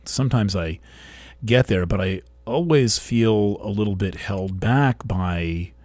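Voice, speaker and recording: A man with a lowish voice speaks slowly and thoughtfully, pausing and restarting as he works through his ideas. He sounds like the host of a weekly talk show. The recording is close and dry, with no room echo. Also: darkish tone. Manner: slow, thoughtful, halting with restarts. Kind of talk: reflective monologue.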